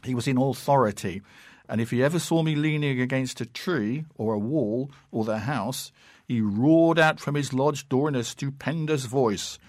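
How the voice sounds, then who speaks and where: A man reading classic fiction aloud in a measured, unhurried and expressive way. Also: medium pitch, no room sound, clean studio sound. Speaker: narrator.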